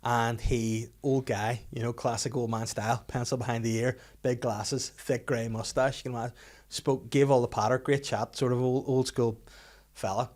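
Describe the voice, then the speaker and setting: Northern Irish male co-host, middle pitch, rambling lively anecdotes. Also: normal speed. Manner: animated, laughing storyteller with lots of restarts. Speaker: podcast co-host. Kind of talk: casual storytelling chat.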